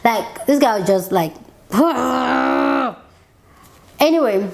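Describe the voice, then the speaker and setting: A woman's voice: medium pitch, moderate pace, darkish tone. A woman giving a casual, opinionated reaction review of a TV show, chatty and exasperated, with frequent "like" fillers.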